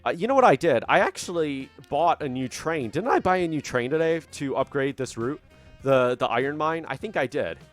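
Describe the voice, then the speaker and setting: A young man talks through his gameplay in a lively, up-and-down voice pitched a little high for a man. He is chatty and self-mocking, thinking aloud with restarts into a desk microphone at home, and soft game music plays underneath. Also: moderate pace. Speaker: gaming channel host. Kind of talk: casual gameplay commentary. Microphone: desk microphone at a computer.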